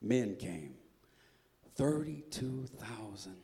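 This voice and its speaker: A man's voice: on the low side, lively intonation, drawn-out words, warm tone, exaggerated voice. A man voicing Gideon in a sermon retelling, sounding amazed and casual, like an ordinary guy caught off guard. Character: Gideon, bewildered ordinary male leader. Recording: echoey hall reverb.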